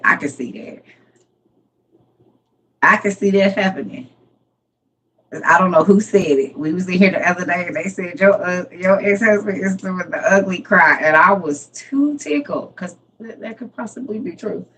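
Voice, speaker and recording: A middle-aged woman hosts a relaxed livestream, talking straight to her viewers. She laughs easily and answers comments by name. Her voice sits a little low. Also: normal speed. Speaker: livestream host. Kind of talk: casual livestream chat with viewers.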